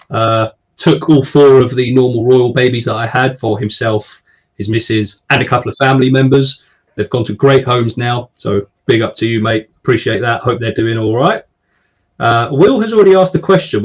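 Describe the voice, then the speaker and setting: A man hosts a casual live stream at a medium pitch and chats easily, reading out viewer names with shout-outs. The stream audio sounds a little dull.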